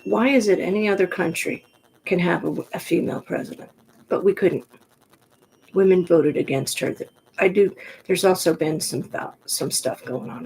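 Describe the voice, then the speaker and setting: Gruff, gravelly-voiced woman vlogger. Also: fairly low pitch, darkish tone, slight background noise, poor audio. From New York Pocono area. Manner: chatty, digressive, frank. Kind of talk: casual rambling monologue to camera.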